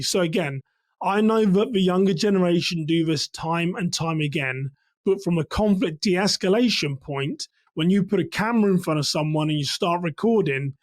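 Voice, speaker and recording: High-voiced man from England, instructive. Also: no echo. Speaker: church security trainer. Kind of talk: commentary on a case.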